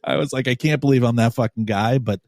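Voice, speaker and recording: A man hosting a podcast, telling a story in a casual, animated, profane way and acting out what people said. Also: mid-range voice, quick pace, dry recording, studio quality. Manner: animated, profane, acts out quotes. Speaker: podcast host.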